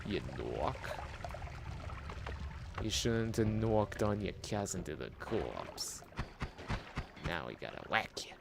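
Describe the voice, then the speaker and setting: A man's voice: fairly low pitch, very animated, slow, vocal fry, pauses often, background noise, full character voice. A man putting on a menacing New York mobster voice with a tough, clipped wise-guy delivery.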